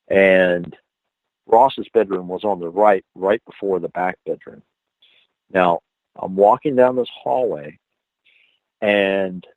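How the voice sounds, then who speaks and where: A man, a paranormal researcher, telling a ghost story as a radio show guest, acting out the voices of his companions as he goes. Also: no room sound. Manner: animated, acts out quoted dialogue with pitch jumps. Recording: tinny phone line, dry.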